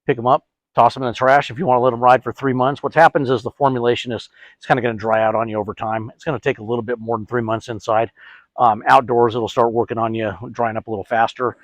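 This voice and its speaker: A man's voice: mid-range voice, level tone, fast talker, no echo. Chatty man hosting a DIY tutorial. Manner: chatty, asks and answers his own questions. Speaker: host.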